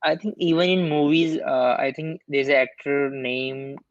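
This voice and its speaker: A man learning English, chatting on a video call in halting, non-native phrasing with frequent restarts. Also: fairly high pitch, fairly even intonation, dry recording, highs cut off. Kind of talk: casual video-call chat.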